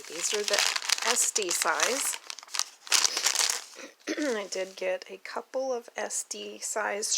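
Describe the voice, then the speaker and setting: Slow, gravelly-voiced woman with an Oklahoma accent. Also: mid-range voice, background noise. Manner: chatty, gushing, talks to her dog. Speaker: doll collector vlogger. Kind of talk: casual unboxing vlog. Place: home, at a table.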